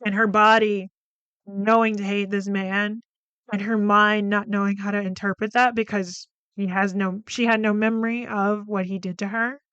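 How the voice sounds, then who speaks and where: A woman's voice: mid-range voice, level tone, moderate pace, fairly bright tone, clean tone, no room sound, lo-fi sound. A woman hosting a podcast, recapping a film plot in a chatty, loose way with lots of fillers and some swearing. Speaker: podcast host reviewing a film.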